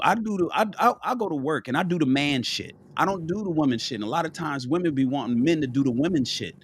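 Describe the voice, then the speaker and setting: A man's voice: fairly high pitch, animated, brisk, a little hiss or hum. A man who is sick and lying down, talking bluntly and profanely as a panelist in a casual chat, with many restarts and a cough. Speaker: panelist on a live call-in show. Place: at home in bed.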